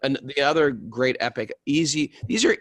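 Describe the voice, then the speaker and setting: A man's voice: mid-range voice, normal speed, fairly bright tone, no echo. A middle-aged man hosting a casual spiritual podcast, enthusiastic and self-deprecating, telling stories with animation. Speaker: podcast host.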